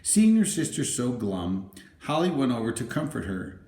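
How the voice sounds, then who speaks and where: Man, storybook narration, gentle, even, mid pitch, echoey room. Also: normal speed. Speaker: audiobook narrator.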